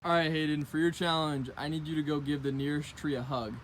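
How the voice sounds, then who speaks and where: A man's voice: fairly high pitch, little pitch movement, a little fast, slight background noise. A man hosting a string of playful challenges for kids, upbeat and laughing often as he calls on each by name. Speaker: host running kids' challenges. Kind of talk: playful outdoor game hosting. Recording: music playing under voice.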